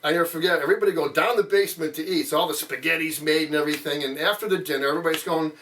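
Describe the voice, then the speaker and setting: The voice is fairly high and fairly bright, and the delivery very fast, as a man in his sixties spins childhood tales in a relaxed interview. He rambles, fills pauses constantly and acts out what people said. He's a bit far from the mic, with slight background noise.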